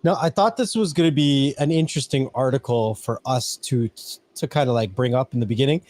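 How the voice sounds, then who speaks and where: A man's voice: mid-range voice, brisk, darkish tone. A man co-hosting a casual live-streamed podcast, talkative and often ending his points with a question for agreement. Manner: talkative, ends points with "right?". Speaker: podcast co-host.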